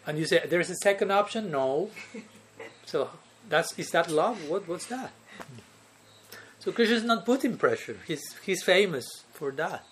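Man, spiritual teacher, slightly high voice, devotional lecture, frequent chuckles, checks in with listeners. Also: expressive, unhurried, a bit bright, slight background noise. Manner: checks in with listeners by asking "no?" and "okay?"; chuckles often between points.

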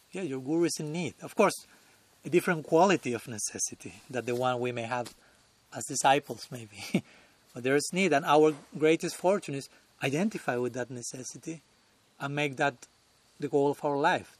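In a dry recording, a swami delivers a devotional talk at a temple in a voice on the high side. He keeps it conversational, laughing softly and often while he hunts for the right words.

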